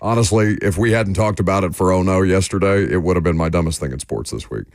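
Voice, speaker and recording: A man's voice: sits low, fast, darkish tone, no room sound, clean studio sound. Laid-back man hosting sports radio. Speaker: radio show host. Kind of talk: casual sports radio chat.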